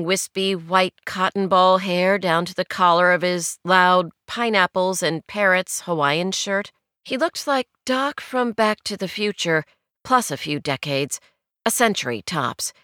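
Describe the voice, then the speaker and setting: A woman narrating a novel in a measured, wry storytelling manner, recorded on a studio mic. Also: fairly low pitch, fairly bright tone, smooth, no room sound. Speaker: audiobook narrator. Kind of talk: scripted narration.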